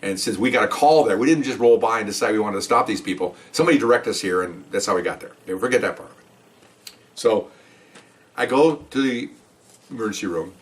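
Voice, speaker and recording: Rambling older ex-cop, quick and low. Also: male voice, expressive, far from the mic. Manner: rambling, conversational, keeps checking in with "okay?". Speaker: retired police officer telling stories. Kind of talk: casual spoken anecdote.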